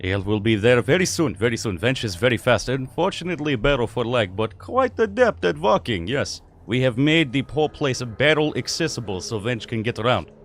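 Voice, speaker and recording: A man playing a jovial male tavern keeper who talks loudly in a high put-on voice with broken grammar. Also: very animated, moderate pace. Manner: broken grammar, dropping articles; loud and high-pitched.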